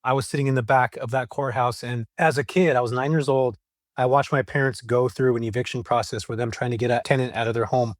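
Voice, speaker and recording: Fast-talking middle-aged Californian man. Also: mid-range voice, no room sound, studio quality. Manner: fast, animated storytelling with casual slang. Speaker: guest, real estate investor. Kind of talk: podcast interview storytelling.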